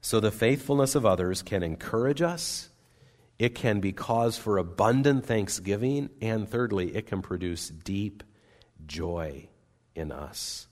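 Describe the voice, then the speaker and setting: A man preaching a sermon as pastor, earnest and emphatic, with wide swings between loud and soft. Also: lowish voice, a little slow. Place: church sanctuary. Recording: long reverb of a church hall.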